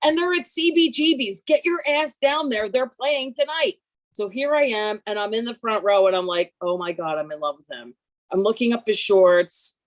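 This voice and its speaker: A woman in her fifties telling a comic story over a video call, brash, animated and self-mocking. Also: on the high side, normal speed. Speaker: workshop participant.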